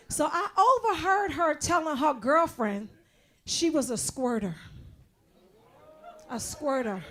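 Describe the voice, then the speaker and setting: High gravelly-voiced comedic woman. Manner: bawdy, conversational, swings between loud shouting and low mutters. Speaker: stand-up comedian. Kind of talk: stand-up comedy set.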